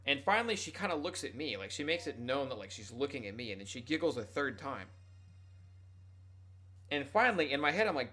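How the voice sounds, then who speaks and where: Bright-voiced man streamer telling a rambling story. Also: medium pitch, lively intonation, fast. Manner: rambling, profane, self-mocking. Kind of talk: casual storytelling to chat.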